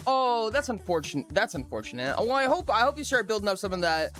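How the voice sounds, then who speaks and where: Streamer for a casual chat stream: bouncy, animated pitch, rambling and self-mocking, faint music underneath. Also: quick pace. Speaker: live streamer.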